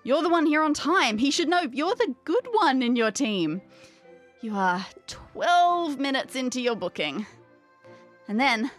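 A woman narrating a tabletop game as game master in the second person, lively and wry. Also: sits high, unhurried, soft background music.

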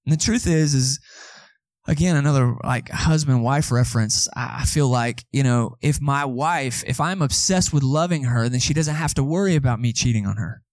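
A man's voice: medium pitch, normal speed, dry recording, studio quality. A man preaching a sermon as pastor, conversational, with asides to the congregation.

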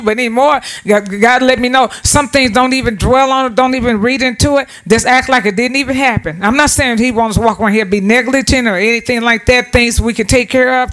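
A woman's voice: fairly high pitch, a bit bright. Woman preacher, home sermon, earnest, repetitive, amens, self-recorded on camera. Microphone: self-set camera.

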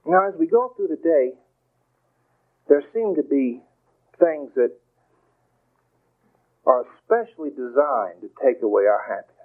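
A man giving a gentle, folksy motivational talk, reassuring and playful as he speaks to the listener. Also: a little high, expressive, unhurried, pauses often. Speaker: inspirational speaker. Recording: tinny phone-like radio broadcast.

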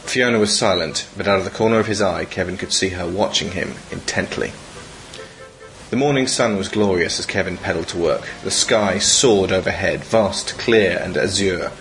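A man reading his own comic short story aloud in a dry, deadpan way on a podcast. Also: deep voice, normal speed, faint music behind, low-quality recording.

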